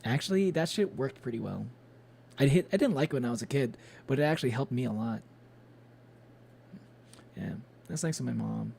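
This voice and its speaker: A man's voice: mid-range voice, expressive, moderate pace, gravelly, pauses often, a little mellow, slight background noise. A man streaming a game, chatting casually and rambling with lots of fillers and little chuckles. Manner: rambling, many fillers and restarts, chuckles often.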